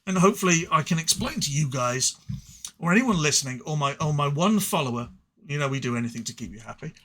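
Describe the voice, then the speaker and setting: A man's voice: on the high side, animated, quick pace, pushed and bright. An English man with an English accent reviewing card game cards in a rambling, self-deprecating way with frequent stuttered restarts. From England. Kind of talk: casual solo review.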